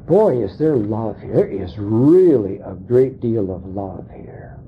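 A man preaching a sermon, dramatic, acting out quoted voices with sharp swings in pitch and pace. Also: animated, slow pace, slight background noise. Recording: dull lo-fi sound.

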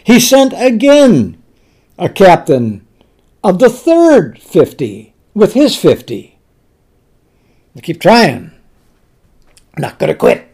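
Slow, animated male preacher. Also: high voice, husky. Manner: retells scripture, voicing the king with rising anger; stumbling restarts, repeats words. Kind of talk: sermon.

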